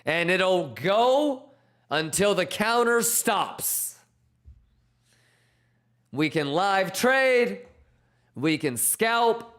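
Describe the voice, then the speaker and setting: A man with a high, bright voice running a trading livestream. He talks in an unhurried way, firing off slangy shout-outs to his viewers with loose, hyped energy. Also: big pitch swings. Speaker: crypto trading streamer. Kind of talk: casual livestream chat.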